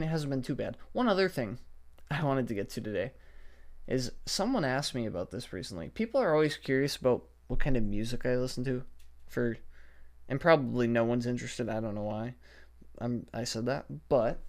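Profane young man ranting on a podcast. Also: medium pitch. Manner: profane, exasperated, rambling. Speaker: podcast host. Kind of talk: casual solo podcast rant. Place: basement at home. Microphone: podcast setup microphone.

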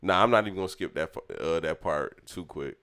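A young man spins casual childhood stories for a podcast, laid-back and laughing frequently as he acts out what people said. He talks fairly quickly in an expressive, low voice with a fairly bright tone.

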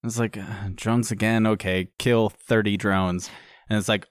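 A man co-hosting a casual game review chat, animated and mocking the game's dialogue. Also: lowish voice, unhurried, clear, resonant tone, no echo, clean studio sound. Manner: animated, mocks dialogue in put-on voices. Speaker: game podcast co-host.

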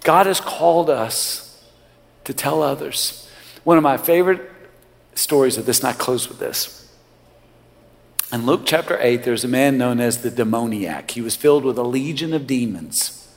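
A male pastor preaching a sermon, swinging from loud rising lines to quiet low ones. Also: normal speed, gravelly, pauses often. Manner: preaching with sudden loud rises and quiet drops. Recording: long hall reverb.

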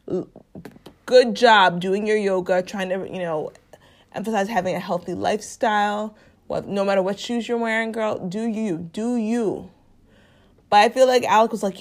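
A young woman hosts a casual commentary podcast, talking in a brisk, animated, mid-range voice. She's chatty and sarcastic, packing her speech with "like" and mock quotes of other people.

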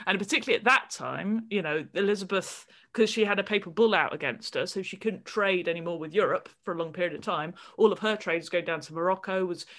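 Animated woman podcast host. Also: on the low side, quick pace, few pauses. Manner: animated, enthusiastic explaining. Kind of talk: casual podcast chat.

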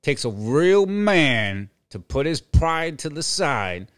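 A middle-aged man hosts a podcast with a crude, comedic rant, swearing, repeating phrases, and chuckling. His voice is fairly high and bright, sing-song and slow, in a dry, studio-quality recording.

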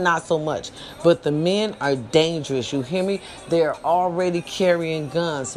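A middle-aged woman hosting her own podcast, talking bluntly and profanely straight to her listeners, swinging from loud scolding to low warnings. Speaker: podcast host. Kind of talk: casual monologue podcast.

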